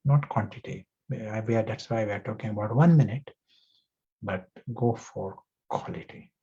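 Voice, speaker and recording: A male spiritual teacher giving a class, reflective and gentle, telling a parable and asking his listeners questions. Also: fairly low pitch, moderate pace, breathy edge. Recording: muffled lo-fi recording.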